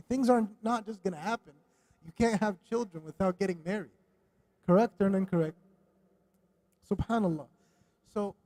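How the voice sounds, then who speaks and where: High-voiced man teaching in a mosque. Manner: animated, asks the audience rhetorical questions; mixes in Arabic religious phrases. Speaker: religious teacher. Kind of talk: mosque lesson. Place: mosque hall.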